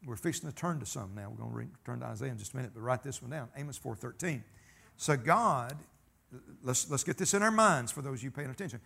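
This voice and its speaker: A man's voice: mid-range voice, lively intonation, fast, vocal fry, sharp tone, husky. A man preaching a sermon, folksy and emphatic, telling stories and calling for amens. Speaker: pastor.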